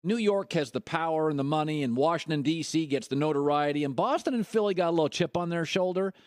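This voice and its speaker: A man's voice: fairly high pitch, fast, a little hiss or hum. A man hosting a sports talk show, confident and argumentative.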